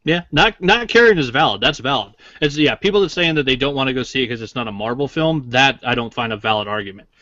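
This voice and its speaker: A man's voice: medium pitch, animated, quick pace, few pauses, sharp tone, no echo. A man with a mid-range voice co-hosts a podcast, making his arguments with casual swearing. The sound is dry and a bit dull, like a home recording. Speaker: podcast co-host.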